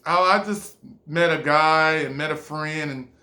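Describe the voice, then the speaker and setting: A man's voice: fairly high pitch, a little slow, sharp tone, roomy sound. A man voicing a brash young New York woman who talks breezily and boasts that nobody will mess with her. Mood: breezy.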